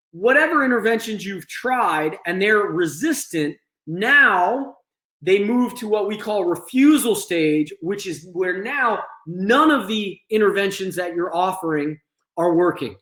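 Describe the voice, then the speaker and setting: A man's voice: sits high, expressive, a little slow, a bit bright, reverberant. A man hosting a training session, explaining crisis de-escalation steps to an online audience. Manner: explanatory, acts out examples. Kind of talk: instructional talk.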